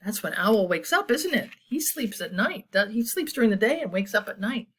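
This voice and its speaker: A woman children's librarian reading bedtime stories aloud, inviting young listeners to join in with animal sounds in a gentle, calming way. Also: fairly high pitch, moderate pace, slight background noise. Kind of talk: children's story time read-aloud.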